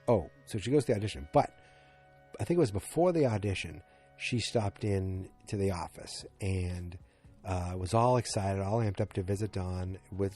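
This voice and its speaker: A man's voice: on the low side, mellow, husky. A man hosting a fan podcast, recapping an episode in a rambling, casual way and acting out quotes with lots of filler words. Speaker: podcast host.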